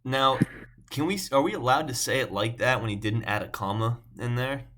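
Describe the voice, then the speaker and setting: A man's voice: mid-range voice, normal speed, bright, forceful tone. A man co-hosting a casual podcast, teasing and quizzing the others. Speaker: podcast co-host.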